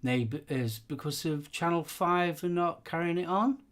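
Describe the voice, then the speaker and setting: A man's voice: fairly high pitch, measured pace, a bit bright. A man co-hosting a live stream, agreeing and chiming in with short remarks. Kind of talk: casual chat.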